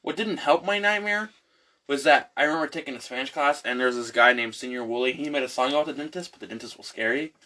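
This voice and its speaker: Bright-voiced animated young man. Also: mid-range voice, fast talker. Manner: animated storyteller acting out quotes. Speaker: co-host. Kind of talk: casual chat.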